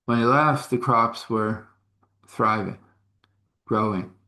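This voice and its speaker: A man's voice: medium pitch, slow, bright, forceful tone. A man telling a story in a casual, folksy way with chuckling asides.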